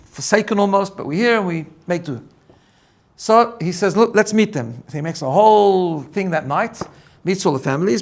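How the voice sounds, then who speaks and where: A rabbi tells a story at a quick clip, his voice sitting a bit above the usual for a man. He is animated and doubles back on his words as the tale builds. He sounds middle-aged. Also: sits high. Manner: animated, repeats words when excited. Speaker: rabbi teaching personal growth. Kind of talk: storytelling talk.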